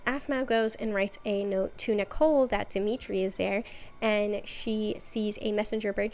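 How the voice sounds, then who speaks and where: A woman's voice: mid-range voice, fairly even intonation, moderate pace, background noise. A woman hosting her own video, giving a chatty, casual recap full of "like" and wry asides. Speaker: video essay host.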